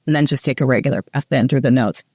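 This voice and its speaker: Woman, breathwork guide, calm and instructive, dry room. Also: very deep voice, fast, slightly rough, dry recording. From United States. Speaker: breathwork facilitator guest. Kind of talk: guided breathing and podcast chat.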